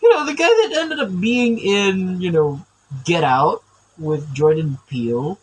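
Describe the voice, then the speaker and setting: Slow, rambling man chatting while drawing. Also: high-pitched, animated, slightly rough, low-quality recording. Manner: rambling, stammering, laughs often. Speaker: artist drawing on camera. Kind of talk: casual chat while drawing.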